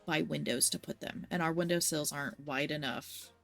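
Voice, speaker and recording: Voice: mid-range voice, fairly even intonation, moderate pace, creaky, a bit bright. A streamer talking casually over a video game, chatty and playful with a rambling flow. Faint game music runs underneath.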